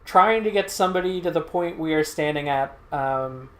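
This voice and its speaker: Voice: medium pitch, normal speed, reverberant. A let's play host casually recapping a game's story, full of fillers and hesitations. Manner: hesitant, many fillers, explains patiently.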